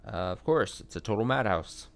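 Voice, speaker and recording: Brief: male let's play host, lowish voice, halting read of game choices. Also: lively intonation. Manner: hesitant, with frequent uhs and ums. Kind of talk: reading game dialogue aloud while playing.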